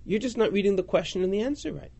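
Animated man teaching a text class. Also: high voice, racing, creaky. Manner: animated, reads Hebrew and Aramaic then translates.

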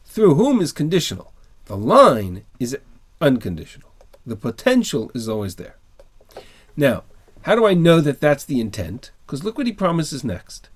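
A man's voice: a little high, wildly swooping pitch, moderate pace, slightly rough. A man teaching a text-study class over a video call, reading verses and then explaining them with emphatic rhetorical questions.

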